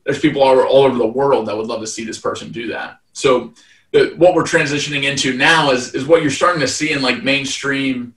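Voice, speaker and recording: A man's voice: mid-range voice, brisk, fairly bright tone. Rambling man in a roomy, distant recording. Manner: rambling, heavy "like" fillers and restarts. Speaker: guest, fight event promoter. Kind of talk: casual interview chat.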